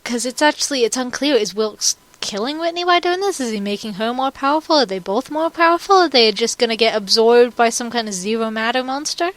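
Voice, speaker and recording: A woman chatting casually as a co-host, rambling through animated analysis. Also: a little high, brisk, few pauses, rough recording. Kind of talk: casual chat.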